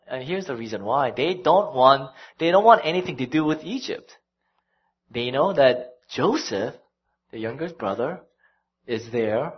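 A man preaching a sermon as pastor, animated and emphatic, with frequent ums and restarts. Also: medium pitch, slightly rough. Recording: dull lo-fi recording.

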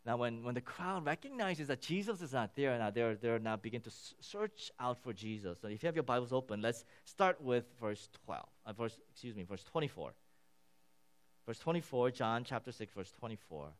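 A man preaching a sermon, teaching through a scripture passage in an animated way, often repeating and restarting words. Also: high-pitched, moderate pace. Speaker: pastor.

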